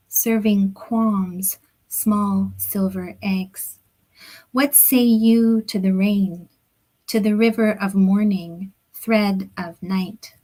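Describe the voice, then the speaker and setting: Woman, middle-aged, poet, unhurried poetry reading, measured phrasing, soft near-whispers, video call mic. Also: mid-range voice, rough recording. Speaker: poet reading her own work. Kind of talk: poetry reading at a book launch. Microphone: computer or headset mic on a video call.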